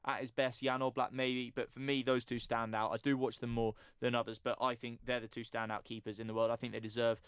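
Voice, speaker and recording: A man co-presenting a sports radio show, chatting casually in a quick, joking, self-deprecating way into a studio microphone. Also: mid-range voice, level tone, a bit bright, clean tone, no room sound.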